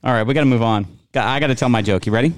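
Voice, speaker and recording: A man co-hosting a podcast, chatting playfully with quick excited bursts. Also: mid-range voice, no echo, studio quality. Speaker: podcast co-host. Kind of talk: casual chat.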